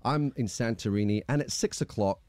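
A man's voice: mid-range voice, fairly quick, dry recording. A man guesting on a radio show, chatting casually and telling cheeky, jokey stories in a studio. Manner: cheeky, jokey, animated anecdotes. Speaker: TV host, guest. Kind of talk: casual radio chat, storytelling.

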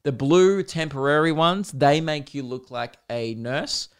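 A man's voice: fairly high pitch, a little slow, clean tone. An Australian man hosting a podcast, telling comedic stories in a chatty, joking way straight to his listeners on a close microphone. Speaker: podcast host. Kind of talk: comedic storytelling monologue.

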